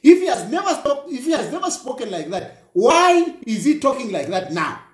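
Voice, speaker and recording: A man's voice: very high-pitched, big pitch swings, moderate pace, reverberant. A man giving reaction commentary on a news clip, mocking and firing repeated rhetorical questions. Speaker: political commentator.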